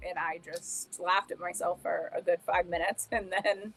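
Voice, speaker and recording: A woman's voice: fairly low pitch, steady tone, moderate pace, hardly any pauses, a bit bright, husky. A woman co-hosting a podcast, telling her own stories in casual chat, rambling with restarts and laughing at herself. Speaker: podcast co-host.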